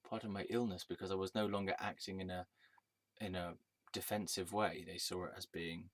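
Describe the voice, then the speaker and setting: A low-voiced man vents in a rambling, angry monologue, cursing often and circling back on himself mid-sentence. The recording is dry and close, with no room sound. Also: fairly bright tone, no room sound. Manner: angry, rambling rant with swearing and restarts. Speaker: vlogger telling a personal story. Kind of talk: casual storytelling monologue.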